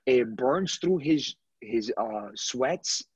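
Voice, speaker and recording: Husky podcast host telling a story. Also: male voice, mid-range voice, very slow, no echo, muffled recording. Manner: excited storytelling with slang. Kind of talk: casual podcast chat.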